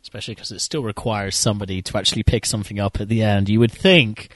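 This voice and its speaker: A man's voice: fairly low pitch, steady tone, fast, a bit bright, no room sound. A man chatting casually while watching a film, joking, swearing and laughing often. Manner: profane, laughs often, jokey. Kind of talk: casual chat.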